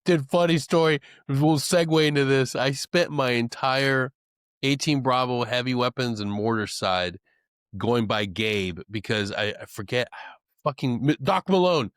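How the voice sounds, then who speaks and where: A man's voice: mid-range voice, unhurried, clear, resonant tone, no room sound, studio quality. A man co-hosting a podcast, telling profane stories and laughing often in casual chat. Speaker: podcast co-host.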